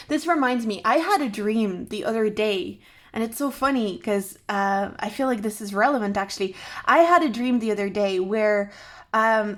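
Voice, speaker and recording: A woman tarot reader thinking aloud to camera, musing and restarting her sentences as ideas come to her. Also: medium pitch. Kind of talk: intuitive tarot reflection to camera.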